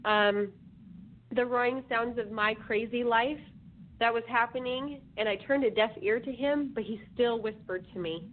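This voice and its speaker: A woman speaks slowly over a tinny phone line as she tells her story as an interview guest. Her delivery is measured, with pauses between her thoughts. A faint hiss sits under her voice. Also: a little high.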